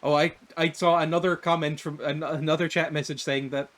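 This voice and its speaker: A man's voice: fairly high pitch, flat delivery, brisk, a bit bright. Chatty Irish man streaming a game. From Ireland. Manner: chatty, rambling, self-deprecating. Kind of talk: casual let's-play commentary.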